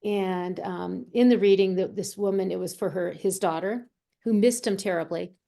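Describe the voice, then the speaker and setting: Warm-voiced woman medium telling stories. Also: medium pitch, normal speed, gravelly. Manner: animated storyteller who acts out quoted voices. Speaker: medium and healer, interview guest. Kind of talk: conversational storytelling.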